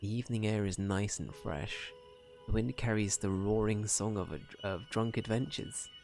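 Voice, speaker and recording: A man quietly reading a weary, doubtful adventurer. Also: lowish voice, moderate pace, creaky, faint music behind. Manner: quiet, subdued reading of game dialogue. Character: weary first-time adventurer, anxious and doubtful. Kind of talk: reading game dialogue aloud.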